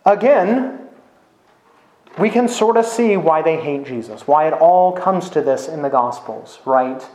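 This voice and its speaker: A man's voice: fairly high pitch, expressive, unhurried, a little mellow. A man preaching a sermon as a pastor, talking conversationally and often asking "right?". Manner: conversational, with frequent "right?" tag questions. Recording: echoey room.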